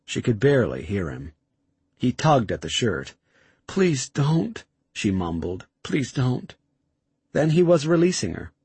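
A man narrating an audiobook in a measured, expressive reading style. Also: mid-range voice, slightly rough, dry recording.

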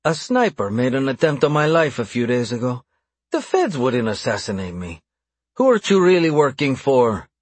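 A man voicing a menacing male crime boss who drawls slowly and mocks. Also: medium pitch, big pitch swings. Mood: interrogating. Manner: drawling, slow and mocking.

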